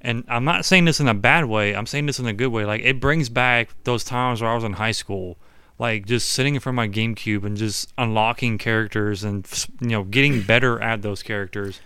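A young man in loose gaming talk, rambling from one point to the next and swearing as he goes. His voice is bright and smooth. It is recorded dry, with no room sound. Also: fairly low pitch, a little fast, dry recording. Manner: rambling, animated, swears freely. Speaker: podcast co-host. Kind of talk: casual gaming chat.

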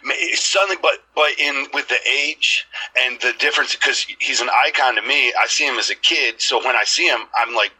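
A man chatting casually on a podcast, spinning long, rambling stories and swearing freely. His voice is forceful and bright, with a husky grain. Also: mid-range voice, brisk, low-quality recording.

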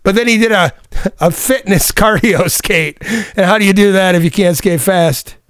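A man's voice: high-pitched, normal speed, fairly bright tone, clear, resonant tone, dry recording, clean studio sound. A middle-aged man reading out roller rink rules in a casual, joking monologue, adding sarcastic asides. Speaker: roller skating vlogger.

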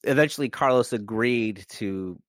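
A man hosting a podcast who chats casually and keeps asking his guests questions. He has a mid-pitched voice, and the sound is close and dry. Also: moderate pace, dry recording. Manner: conversational, prompting questions. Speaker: podcast host. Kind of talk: casual interview chat.

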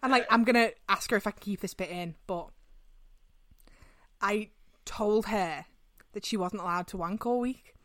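A young woman, hosting a podcast and telling stories in casual, animated, sweary chat. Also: mid-range voice, normal speed, long pauses, no echo. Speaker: podcast host.

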